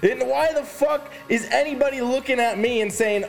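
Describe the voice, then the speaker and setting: A fitness coach with a high-pitched voice, preaching hard and swearing freely as he lectures about chasing goals. Faint music sits under his voice. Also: moderate pace, gravelly, few pauses. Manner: intense, profane, preachy. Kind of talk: motivational rant to camera.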